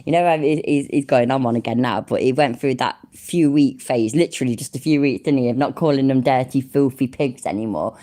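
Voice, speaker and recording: A woman's voice: rumbling low, fairly quick, few pauses, dark tone. A British woman hosting a casual reaction livestream, mocking the clip, laughing often and thanking chatters by name. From United Kingdom. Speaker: livestream commentator reading chat.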